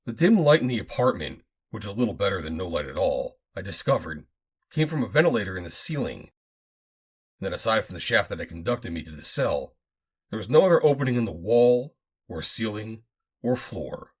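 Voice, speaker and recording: A man reading a first-person adventure audiobook aloud, in a dramatic, expressive manner. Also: low voice, brisk, slightly rough. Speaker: audiobook narrator.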